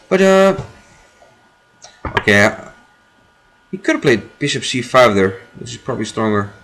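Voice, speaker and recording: A man streaming his own chess game, commenting live as he thinks aloud, repeating phrases and filling pauses. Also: on the high side, expressive, a bit bright.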